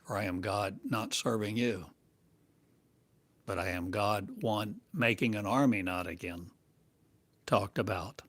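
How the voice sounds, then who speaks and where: A man as a spiritual teacher, delivering a channeled monologue in slow, halting, cryptic phrases. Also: fairly low pitch, fairly bright tone, no room sound. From United States.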